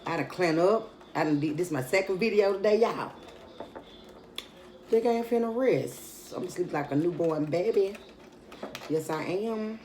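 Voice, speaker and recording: Woman, tired, casual mukbang chat, fairly low voice. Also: lively intonation, moderate pace, long pauses, darkish tone, a little hiss or hum. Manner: chatty, laid-back, talks straight to viewers. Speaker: mukbang vlogger.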